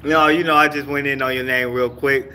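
A man's voice: medium pitch, fairly even intonation, fairly quick, sharp tone, slight background noise. A man hosting a casual livestream, chatting loosely with viewers, teasing and cursing freely. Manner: loose, profane, teasing banter with chat. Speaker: livestream host.

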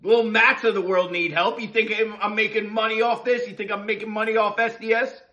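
A man's voice: high-pitched, fairly even intonation, fairly quick, pushed and bright, dull audio. A middle-aged man from New Jersey, hosting a casual morning monologue full of profane, sarcastic rants. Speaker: host of a morning talk session.

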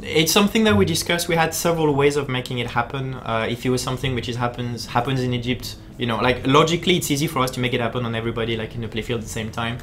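A man giving live-stream commentary while playing, chatty and jokey. He often stalls on fillers and repeats small words before getting the thought out, at an even middle pitch. Faint ambient noise sits behind him. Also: rapid-fire, few pauses. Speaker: game designer.

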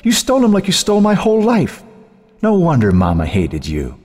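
A man's voice: high voice, wildly swooping pitch, a little fast, darkish tone, breathy edge, long reverb tail, soft background music, pitched above the performer's own voice, exaggerated voice. An audiobook narrator voicing a cruel, possessive young woman who mocks and hisses with venom. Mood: mocking. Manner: mocking, venomous, hissing.

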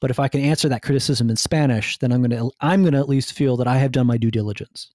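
A man's voice: mid-range voice, fast talker, darkish tone, no room sound, studio quality. A man from New Jersey, a guest on a podcast interview, talking enthusiastically and rambling with many restarts. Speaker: guest, food writer and hunter.

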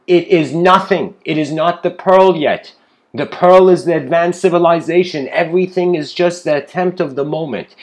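A man's voice: fairly high pitch, a little mellow. A man giving an improvised spiritual lecture, rambling with frequent restarts and casual asides. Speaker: spiritual speaker.

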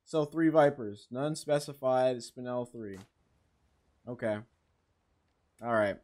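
A man giving casual let's-play commentary, excitable, swearing and reading game text aloud. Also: mid-range voice, takes it slowly. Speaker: gaming channel host.

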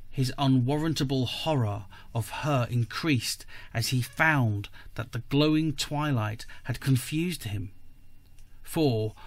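A man reading a classic story aloud for a podcast, slowly and deliberately. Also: medium pitch, a bit bright, no echo. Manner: slow, careful and deliberate. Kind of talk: audiobook-style story reading.

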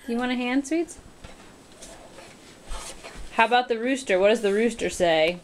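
A woman talking to a toddler in a home video, asking slow, sing-song questions to coax words out of the child. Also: fairly high pitch, a little hiss or hum. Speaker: parent coaxing a toddler to talk. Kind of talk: home video baby talk.

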